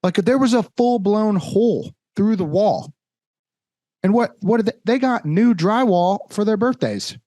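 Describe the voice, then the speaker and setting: Young guy on a podcast, lively storyteller, kinda high voice, dry close mic. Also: unhurried, dry recording. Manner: animated storytelling, acts out quotes. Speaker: podcast co-host. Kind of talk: casual chat.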